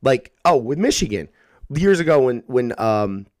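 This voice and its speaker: A man's voice: medium pitch, normal speed, no room sound. 30s man, casual co-host, loose rambling delivery with lots of swearing, dry sound. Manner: rambling, animated, swears freely, acts out kids' voices. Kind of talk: casual chat.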